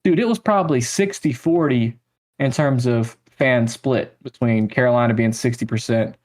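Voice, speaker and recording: A man's voice: medium pitch, moderate pace, darkish tone. A young man co-hosting a casual sports podcast, an exasperated, self-mocking fan ranting about his team. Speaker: podcast co-host, Panthers fan.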